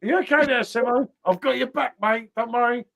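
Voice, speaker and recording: A middle-aged man hosting a casual live chat over beers, loud and sweary in his banter, talking over a video call. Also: very high-pitched, a little fast, vocal fry. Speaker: host.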